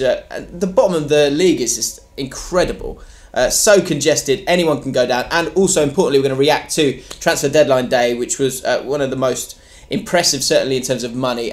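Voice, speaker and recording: A man hosting a casual football podcast, chatty and quick to laugh. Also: mid-range voice. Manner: laughs often, loose and chatty. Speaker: podcast host.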